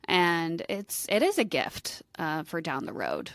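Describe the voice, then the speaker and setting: Relaxed low-voiced woman co-host. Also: slow, hardly any pauses, no room sound. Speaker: podcast co-host. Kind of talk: casual chat.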